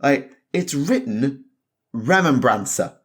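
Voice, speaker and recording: A man's voice: medium pitch, expressive, slow pace, slightly rough. A man talks in a mid-range voice on a casual podcast. He rants with emphatic swearing and keeps laughing along. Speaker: podcast host.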